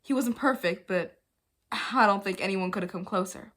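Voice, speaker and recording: A woman reading the words of a young Southern preacher's daughter, in a soft, wistful way. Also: mid-range voice, normal speed, close to an everyday voice.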